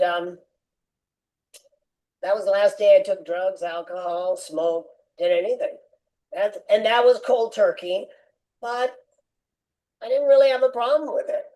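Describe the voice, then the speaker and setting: A woman's voice: mid-range voice, mellow, low-quality recording. An older woman, a guest on a podcast interview, telling a personal story with animation and acting out quoted lines.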